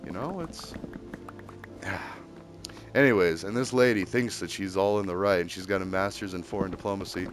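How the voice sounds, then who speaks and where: A streamer with a deep voice airs his opinions at a moderate pace while music plays behind him. He gets heated and rambles casually, constantly restarting sentences and filling gaps with filler words.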